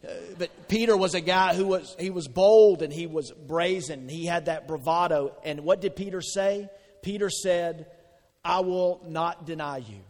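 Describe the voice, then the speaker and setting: Animated male preacher in a reverberant hall. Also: high voice, moderate pace. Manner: animated, conversational preaching with call-and-response questions. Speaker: pastor. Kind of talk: sermon. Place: church sanctuary.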